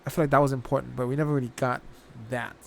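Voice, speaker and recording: A man's voice: mid-range voice, flat delivery, racing, gravelly, a little hiss or hum. A man hosting a reaction channel, giving a rambling, casual spoken review, often restarting his sentences and swearing now and then.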